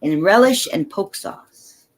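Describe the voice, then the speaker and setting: A woman's voice: medium pitch, animated, slow, a crowd in the background. A woman in her fifties in casual chat, joking and easily flustered, stumbling over restarts. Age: 50s. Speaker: friend in a group chat.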